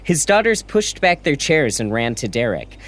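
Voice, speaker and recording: Male narrator, lively, expressive storytelling delivery. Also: mid-range voice, moderate pace.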